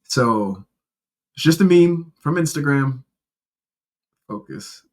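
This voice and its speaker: A man's voice: fairly high pitch, expressive, slow, darkish tone. A man hosting a casual solo podcast, telling personal stories in a rambling, candid way with restarts and casual profanity. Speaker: podcast host.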